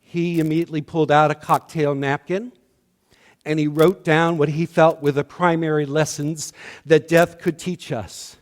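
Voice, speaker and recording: A man delivering a sermon as minister, slow and measured, his voice often dropping to a hush at the ends of lines. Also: fairly high pitch, level tone, long reverb tail. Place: church sanctuary.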